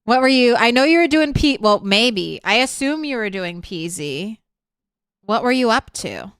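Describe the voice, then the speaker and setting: Smooth-voiced woman streamer chatting. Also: fairly high pitch, expressive, a little slow, a bit bright, no echo, clean studio sound. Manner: chatty, talks straight to chat. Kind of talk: casual live-stream chat.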